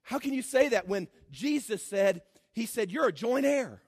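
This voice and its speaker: A man preaching a sermon as pastor, swinging from shouted declarations to low, mocking asides. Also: expressive, moderate pace, breathy edge, dry recording, studio quality. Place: church.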